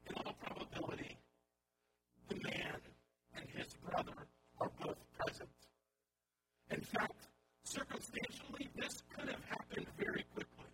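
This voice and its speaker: A man's voice: a little slow, long pauses. A male pastor giving a sermon in a conversational style with wry asides, over a recording with hum and noise. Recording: audible hum and background noise.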